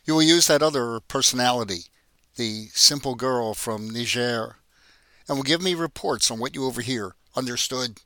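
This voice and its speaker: A man's voice: medium pitch, normal speed, sharp tone, dry recording. A man doing a cold domineering boss. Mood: commanding. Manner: curt, commanding.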